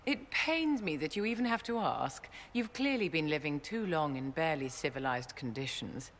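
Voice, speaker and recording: A woman's voice: deep voice, lively intonation, moderate pace, a little hiss or hum. An actress voicing an elegant, condescending noblewoman mage in a video game, speaking in a refined, silky, patronizing way.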